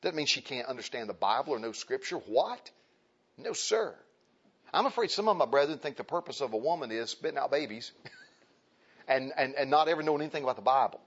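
A man's voice: medium pitch, animated, fairly quick, fairly bright tone, slightly rough, lo-fi sound. A male preacher delivering an emphatic sermon, repeating phrases and turning to speak to the men and then the women of the congregation.

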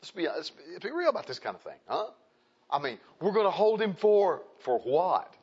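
A man's voice: sits high, very animated, moderate pace, darkish tone, breathy edge, lo-fi sound. A man preaching a sermon in a folksy, conversational way, asking his listeners frequent rhetorical questions.

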